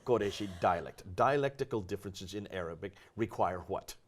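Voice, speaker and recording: A man's voice: lowish voice, a little fast. Guy hosting a talk show, voice jumps up and down a lot, keeps asking questions. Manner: animated, questioning, reads passages aloud. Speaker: host. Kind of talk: discussion show reading from a text.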